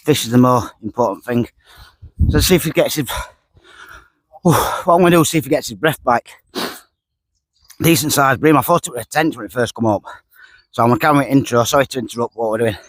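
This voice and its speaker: A fishing vlogger chats casually to camera by a lake outdoors, dropping words and repeating himself. His voice is medium-pitched and fairly bright, with no echo.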